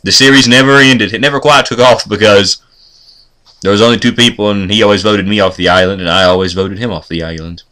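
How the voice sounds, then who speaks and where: Man, vlogger, casual chat, bright tone, joking, rambling. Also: on the low side, fairly even intonation, quick pace. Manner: rambling, joking, self-deprecating.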